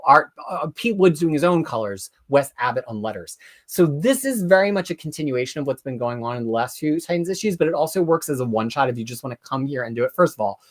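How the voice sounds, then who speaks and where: Comic review streamer talking fast and loose, mid pitch, gets super worked up and ranty. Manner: excitable, emphatic, swings into loud ranting. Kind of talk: casual live-stream review chat.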